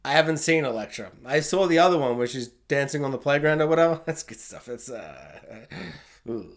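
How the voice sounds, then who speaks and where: A man casually reviewing a film, excitable and jokey, acting out reactions as he talks. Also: fairly high pitch, fairly quick, gravelly. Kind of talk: casual spoiler review to camera.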